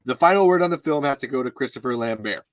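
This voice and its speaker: Excitable rambling podcast host. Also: male voice, medium pitch, quick pace, no echo. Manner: rambling, excitable, laughing often. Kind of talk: casual chat reading listener messages.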